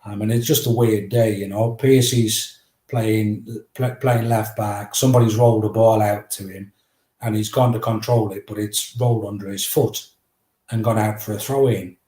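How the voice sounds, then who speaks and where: A man, a guest author from England, telling a lively anecdote in casual speech, swearing freely and acting out the shouts of his teammates. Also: fairly low pitch, normal speed. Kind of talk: storytelling anecdote. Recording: roomy echo.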